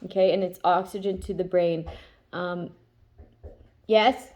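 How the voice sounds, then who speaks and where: In a lowish, slightly mellow voice, a stuffy-nosed woman leads an informal tarot session at a somewhat slow pace with fairly even intonation. The talk is chatty and spiritual, dotted with fillers, frequent laughs, repeated "okay?" check-ins, and the odd passage read aloud.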